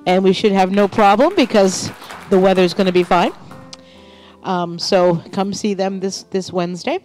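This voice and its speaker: A woman reading church announcements and thanking volunteers in a friendly, unhurried way during a service. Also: mid-range voice, steady tone, a little mellow, soft background music. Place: church sanctuary.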